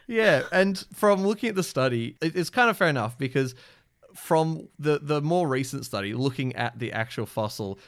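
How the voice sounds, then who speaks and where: A man's voice: fairly high pitch, expressive, moderate pace. Rambling, amused man. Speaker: podcast co-host. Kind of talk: casual chat.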